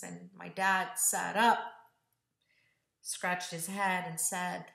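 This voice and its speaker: A woman vlogger telling a personal story in an animated, earnest way. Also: lowish voice, takes it slowly, vocal fry, echoey room.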